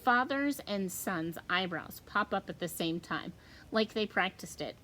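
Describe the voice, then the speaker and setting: A woman teacher reading a novel aloud with slow, expressive storytelling. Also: on the low side, a little hiss or hum.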